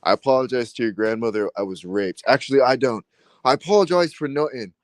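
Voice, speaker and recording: A man's voice: mid-range voice, dry recording. Taunting man with an Irish accent. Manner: taunting, insulting, slow and deliberate. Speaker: debater. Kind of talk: heated online debate.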